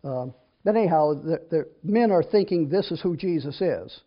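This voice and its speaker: A slightly high, expressive male voice reads scripture at a moderate pace and follows with a loose, conversational explanation. He restarts himself here and there while chatting through the verses. It's a dull, lo-fi recording.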